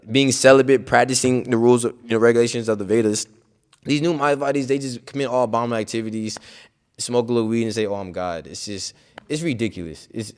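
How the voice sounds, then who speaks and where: A man speaking at a scripture class in a loose, conversational way, full of "like" and "you know", with emphatic, outspoken conviction. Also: on the low side. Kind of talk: informal religious talk.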